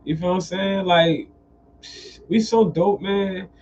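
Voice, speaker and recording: Profane, animated man with a fairly high voice. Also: slow, a little hiss or hum. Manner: profane, animated, repeats phrases. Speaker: podcast host. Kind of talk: casual storytelling monologue. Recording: dull lo-fi sound.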